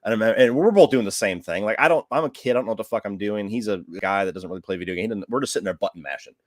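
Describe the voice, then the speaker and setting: A man in his thirties hosting a casual podcast chat, excitable and quick to laugh. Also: fairly low pitch, dry recording, studio quality. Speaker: podcast host.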